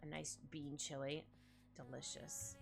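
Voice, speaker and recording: A woman's voice: level tone, unhurried, gravelly, music in the background. A young Canadian woman chatting casually with viewers while drawing on a livestream, rambling with many fillers. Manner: rambling, chatty, lots of fillers, acts out quotes in squeaky voices. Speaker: streamer.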